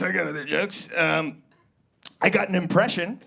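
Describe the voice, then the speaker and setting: A young man doing a live stand-up set on a club stage with a handheld mic, awkward and self-deprecating with absurd deadpan jokes. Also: sits high, normal speed, gravelly. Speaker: stand-up comedian. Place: comedy club stage, indoors. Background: loud walk-on music at times.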